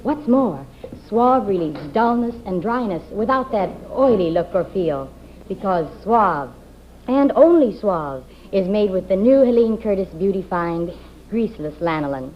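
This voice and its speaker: A woman delivers a live TV commercial in a persuasive, upbeat sales pitch. Her pitch swings widely as she stresses the selling points. The sound is dull and muffled, with a faint hiss behind it. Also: expressive, measured pace. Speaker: commercial presenter. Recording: dull off-air TV recording.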